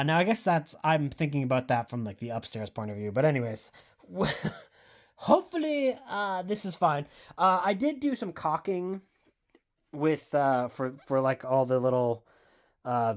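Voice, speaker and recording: A woman, chatting casually and rambling in a home vlog from her basement, self-deprecating, full of fillers and the odd swear. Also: extremely low pitch. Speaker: book vlogger.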